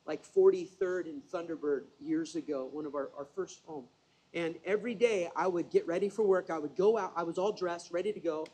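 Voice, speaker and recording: Husky-voiced man telling a sermon story. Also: high voice, rough recording. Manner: animated, conversational storytelling with self-deprecating asides. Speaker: preacher.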